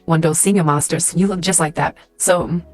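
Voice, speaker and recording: Lower-voiced woman rambling through a story. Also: fairly even intonation, a little fast, soft background music. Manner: rambling, heavy use of "like" and "and stuff like that". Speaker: storyteller in a social media clip. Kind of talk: casual second-person storytelling.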